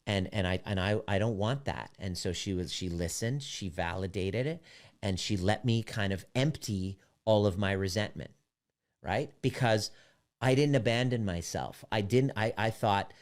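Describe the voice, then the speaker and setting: Deep-voiced man telling a blunt personal story. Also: moderate pace. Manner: blunt and emphatic, swears freely; earnest, preaching-like lessons. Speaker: self-help relationship coach. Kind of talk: candid personal storytelling monologue.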